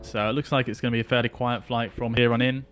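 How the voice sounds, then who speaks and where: A chatty man, speaking at a middle pitch as he streams a flight simulator. He talks casually to his viewers as he flies, and faint music plays behind him. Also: flat delivery, fast, fairly bright tone. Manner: chatty, talks to chat while flying. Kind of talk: casual live-stream commentary.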